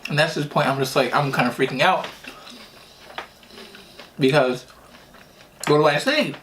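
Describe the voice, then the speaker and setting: A man from New Jersey telling childhood stories in a casual mukbang vlog, often laughing and pausing to eat and drink. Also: fairly high pitch, fairly bright tone, a little hiss or hum. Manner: chatty, laughs often, eating while talking. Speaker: vlogger. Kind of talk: casual storytelling during a mukbang.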